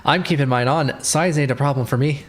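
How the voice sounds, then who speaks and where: A man's voice: medium pitch, a little fast, close to an everyday voice. A man reading aloud as a cheeky, boastful little male fairy sidekick. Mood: cocky. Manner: chatty, teasing read-aloud of game dialogue.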